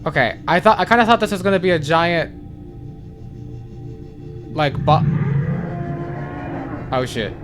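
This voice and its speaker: A man's voice: on the high side, expressive, measured pace, pauses often, over music. A man giving blind playthrough commentary on a game, jumpy and swearing, who repeats panicked phrases over and over. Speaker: gaming channel host.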